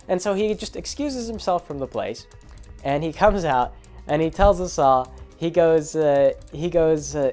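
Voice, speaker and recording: A man's voice: on the high side, lively intonation, moderate pace, a little mellow. Rambling man with faint music behind. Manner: rambling, amused, many fillers. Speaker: storyteller. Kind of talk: casual storytelling vlog.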